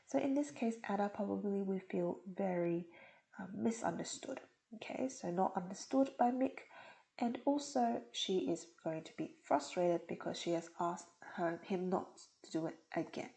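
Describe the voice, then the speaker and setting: A woman's voice: mid-range voice, animated, moderate pace, vocal fry, warm tone, rough recording. A woman tutor explaining test questions patiently, step by step.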